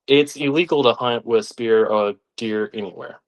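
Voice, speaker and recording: A young man, telling stories as a podcast guest in an animated way, sometimes acting out the voices of others. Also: medium pitch, normal speed. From Arkansas, United States. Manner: animated, acts out quoted voices. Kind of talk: casual storytelling.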